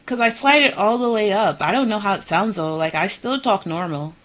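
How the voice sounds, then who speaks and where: On poor audio, a woman streamer speaks fairly quickly in a medium-pitched, slightly bright voice, chatting with viewers and repeating herself as she adjusts her sound settings, mildly exasperated.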